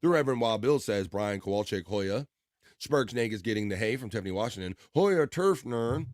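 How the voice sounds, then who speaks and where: A man's voice: lowish voice, fast talker, no room sound, clean studio sound. Upbeat man reading live chat. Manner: upbeat, playful, riffs on viewers' names. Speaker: livestream host.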